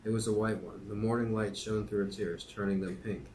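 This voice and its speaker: A man's voice: fairly low pitch, brisk, slight background noise. A man hosting a podcast, chatting casually with many fillers and then reading a children's book aloud. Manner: relaxed, hesitant, many fillers.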